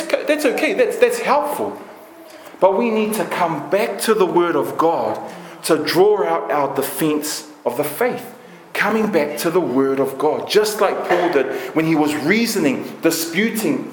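Brief: New man, passionate sermon, high voice, reverberant church hall. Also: slight background noise. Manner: passionate, emphatic preaching with list-like repetition. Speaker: preacher. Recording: echoey room.

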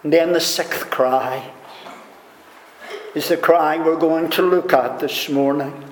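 Male preacher, sermon, fairly high voice, unhurried, long church-hall reverb, faint background hum. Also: fairly even intonation. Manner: slow, deliberate preaching with rising emphatic swells. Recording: echoey hall reverb, faint room noise.

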